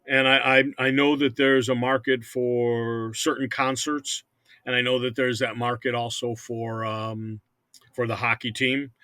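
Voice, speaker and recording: A man's voice: mid-range voice, flat delivery, a little slow, sharp tone, smooth, no echo. An older man who owns hockey teams, talking casually in an interview, rambling and often repeating words. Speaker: hockey team owner.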